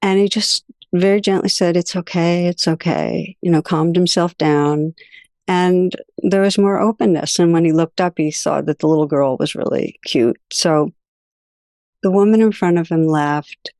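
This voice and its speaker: Gentle woman teaching meditation, dry sound. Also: lowish voice, no echo. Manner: gentle, unhurried storytelling with soft pauses. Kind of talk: reflective teaching talk.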